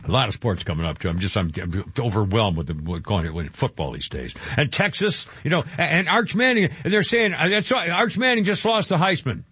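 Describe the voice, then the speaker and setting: A man hosts a talk radio show in a loose, rambling way, stumbling over his words and cracking jokes as he goes. His voice is a bit husky and swings widely in pitch. It comes across as a dull, lo-fi broadcast. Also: very animated, fairly quick, hardly any pauses, fairly bright tone. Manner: rambling, self-interrupting, jokey. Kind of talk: casual radio banter.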